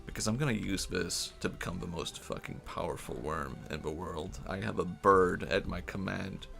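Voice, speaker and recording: A man's voice: low-pitched, moderate pace, vocal fry, fairly bright tone, faint music behind, heavily acted. A man doing a scheming evil little worm. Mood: gloating. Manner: gloating, boastful.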